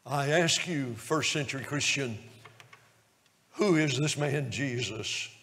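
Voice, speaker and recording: A man preaching a sermon, telling a story in hushed tones that builds to loud, impassioned preaching. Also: medium pitch, slow. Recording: long hall reverb.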